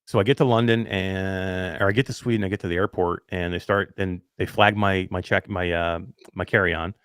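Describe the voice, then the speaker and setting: Rambling, self-mocking man, low voice. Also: steady tone, normal speed, a bit bright, clear, resonant tone, no echo, clean studio sound. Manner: rambling storyteller, many fillers, laughs at himself. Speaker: podcast co-host. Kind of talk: casual chat.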